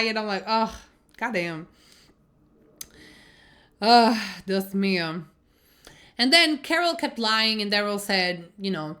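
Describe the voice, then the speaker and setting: A woman casually reviewing TV episodes in a chatty, expressive, rambling way, swearing freely and thinking out loud. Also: medium pitch. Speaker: TV series reviewer. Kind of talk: casual spoken review vlog.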